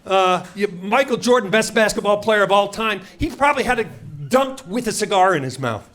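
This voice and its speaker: A middle-aged stand-up comedian from Seattle, USA, performs a set on a comedy club stage before a live audience, brash and mock-indignant as he fires off punchy rhetorical questions. His high-pitched voice is brisk with lively intonation, amid loud crowd laughter and room noise.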